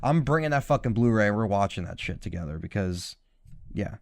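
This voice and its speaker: A young man co-hosting a casual podcast, talking in an animated, profane way and mocking lines as he retells scenes. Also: on the low side, brisk. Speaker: podcast co-host.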